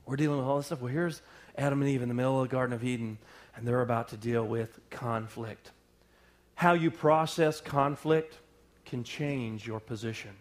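A male pastor delivering a sermon, animated and calling on the congregation to respond. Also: mid-range voice, moderate pace. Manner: animated, call-and-response preaching.

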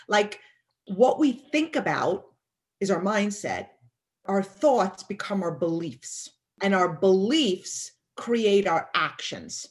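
A woman's voice: medium pitch, animated, takes it slowly. A woman as an interview guest, talking emphatically about mindset and acting out people's thoughts in quotes. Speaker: guest speaker. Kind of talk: motivational interview talk.

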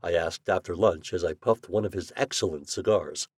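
A man narrating a first-person story in an audiobook, with low subdued asides. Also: normal speed, a little mellow, breathy edge, dry recording, studio quality.

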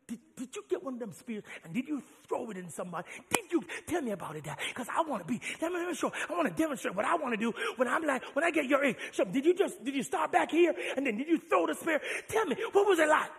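An eager little boy, put on by a man preaching, peppers his dad with excited questions in a high, bright voice. The sound rings out in a large echoing hall. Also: quick pace, gravelly, few pauses, exaggerated voice.

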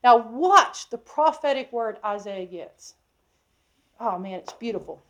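Here a woman preacher with a high voice works through an expository Bible sermon at a measured pace and with lively intonation. She presses her points emphatically, asks the listeners question after question, and swings from loud stretches to soft, hushed asides.

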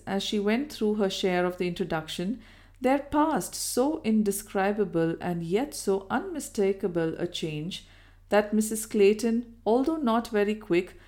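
A woman reading a Victorian novel aloud in a measured, even storytelling manner. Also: medium pitch. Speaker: audiobook reader. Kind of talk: scripted narration of a Victorian novel.

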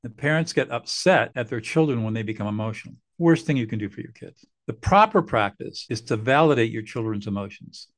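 Older guy on a podcast, earnest and explainy, mid pitch, acts out little scenes. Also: lively intonation, a little fast, few pauses. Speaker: mediator guest. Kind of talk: podcast interview.

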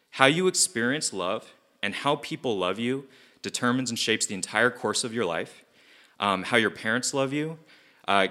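A man preaching a casual, animated sermon to a youth group, often asking the audience questions. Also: medium pitch.

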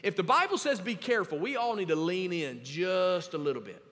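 A man's voice: sits high, lively intonation, fairly quick, a bit bright. A man preaching a sermon as pastor, emphatic and instructive, in a church with echoey hall reverb. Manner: emphatic, instructing the congregation to underline verses.

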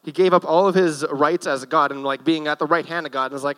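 A man's voice: on the high side, fairly even intonation, fast talker, hardly any pauses, fairly bright tone, poor audio. A young man giving a casual, joking sermon from a church stage, with nervous self-deprecating asides. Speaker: guest preacher.

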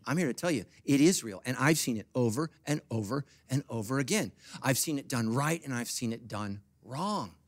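Animated middle-aged male pastor preaching. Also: moderate pace, hardly any pauses, no room sound. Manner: animated preaching, swings from soft asides to loud high bursts. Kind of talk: sermon.

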